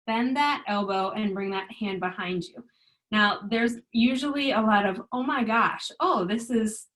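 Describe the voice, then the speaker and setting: A woman yoga instructor giving calm, gentle breath and stretch cues in a guided chair yoga class. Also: medium pitch, poor audio.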